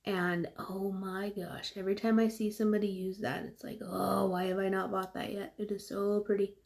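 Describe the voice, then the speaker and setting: A woman's voice: medium pitch, level tone, normal speed, gravelly, a little mellow. A woman from California chatting casually through a livestream while she does her makeup, rambling with lots of fillers.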